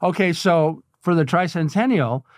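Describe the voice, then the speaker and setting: An older man tells stories as an interview guest, animated and quick to chuckle. His voice sits a little high for a man. The sound is close and dry. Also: dry recording. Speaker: guest artist. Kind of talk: casual storytelling interview.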